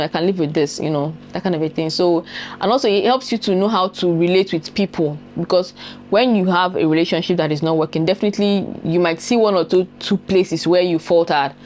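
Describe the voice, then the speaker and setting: A young Nigerian-accented woman with a fairly low voice shares life advice in a relaxed monologue. She leans on repetition to press her points home and keeps asking the audience if they follow. A faint hum of room noise sits under her voice. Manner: emphatic, repeats key phrases, checks in with the audience. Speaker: vlogger. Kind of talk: casual advice monologue to camera.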